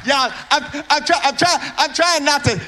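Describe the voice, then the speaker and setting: A man from Mississippi, preaching a fervent sermon in a church that swells into sung whooping and shouts. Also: extremely high pitch, a little hiss or hum.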